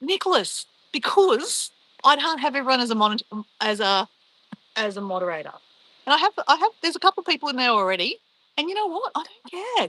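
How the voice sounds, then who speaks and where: A middle-aged Australian woman hosting a casual livestream, reading out viewers' comments in a chatty, upbeat way. Her voice is bright and a little higher than most, and her Australian accent is clear. She answers the chat easily and brushes things off. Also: big pitch swings, brisk, rough recording.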